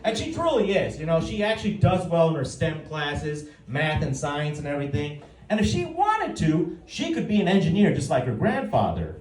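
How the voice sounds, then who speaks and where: A man's voice: a little high, wildly swooping pitch, normal speed, a little mellow. A man in his forties doing a stand-up set, telling stories about his family and acting out the other people's lines. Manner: dry, storytelling delivery with acted-out quotes. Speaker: stand-up comedian. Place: comedy stage before a live audience. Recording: roomy stage sound from a distance. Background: audience laughter.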